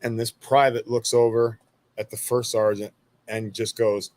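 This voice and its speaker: A man's voice: mid-range voice, little pitch movement, unhurried, a little mellow, slight background noise. Laid-back man telling army stories. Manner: laid-back, swearing, laughing at his own stories. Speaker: guest, army veteran. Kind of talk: casual storytelling interview.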